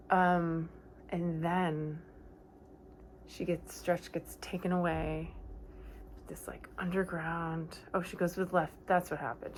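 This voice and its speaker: A woman with a somewhat low voice retells a horror film from memory in a loose, conversational way. She wanders off on tangents, catches her own slips and corrects herself mid-sentence, talking like she's chatting with a friend. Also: slight background noise. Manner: rambling, self-correcting, chatty asides. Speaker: horror movie vlogger. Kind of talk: casual movie recap from memory.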